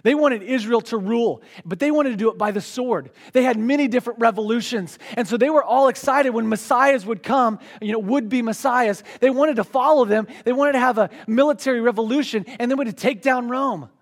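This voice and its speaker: A man preaching a sermon, reading scripture slowly and then retelling it in casual, animated words. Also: very high voice. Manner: energetic, voices the crowd and the Pharisees in his retelling. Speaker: pastor.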